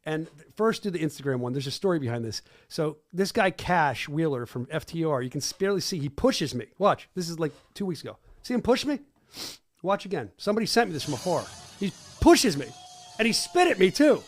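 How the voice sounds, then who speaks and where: A man's voice: fairly high pitch, big pitch swings, fairly quick. A middle-aged man hosting a podcast, brash and joking as he talks over video clips. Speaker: podcast host. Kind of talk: casual podcast chat.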